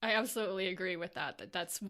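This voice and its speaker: A woman hosting a podcast, speaking in a calm, measured way and adding references. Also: fairly low pitch. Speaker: podcast host. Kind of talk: casual interview talk.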